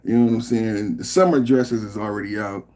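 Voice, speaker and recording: Reading viewer comments out on his laid-back podcast livestream, a man jokes, wanders off topic and laughs often, now mumbling, now loud. He speaks fairly quickly with fairly even intonation.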